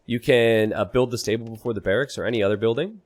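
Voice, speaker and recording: A man casting a strategy video game match, an animated commentator who breaks into loud, high-pitched disbelief and laughter. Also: fast. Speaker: game caster. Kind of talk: esports commentary.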